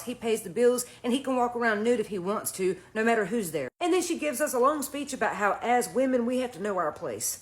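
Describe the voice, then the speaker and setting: A woman telling a storytime, frank, chatty and indignant. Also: a little high. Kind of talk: storytime narration.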